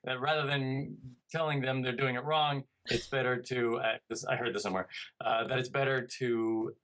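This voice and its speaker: A man's voice: medium pitch, fairly even intonation, moderate pace, a bit bright. Rambling, joking man in a casual interview. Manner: rambling, self-interrupting storytelling with playful asides. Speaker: guest comedian.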